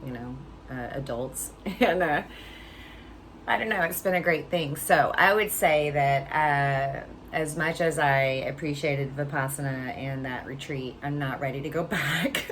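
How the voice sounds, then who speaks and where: Low-voiced chatty middle-aged woman. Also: unhurried, fairly bright tone, a little hiss or hum, low-quality recording. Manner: chatty, laughs often, tags lines with "right?". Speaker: vlogger. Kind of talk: personal storytelling.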